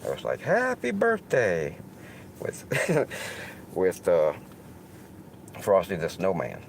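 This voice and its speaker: A man with a Southern US accent hosts a casual livestream, his very low voice swinging widely in pitch. He rambles and swears constantly, with a faint hum of noise behind him. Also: expressive, slow, creaky, a little mellow, low-quality recording. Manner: rambling and heavily profane. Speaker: streamer host.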